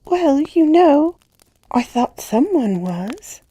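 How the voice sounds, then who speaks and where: A woman voicing a sweet, innocent little girl who speaks in a slow, high, sing-song drawl. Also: big pitch swings, warm tone, no echo, exaggerated voice.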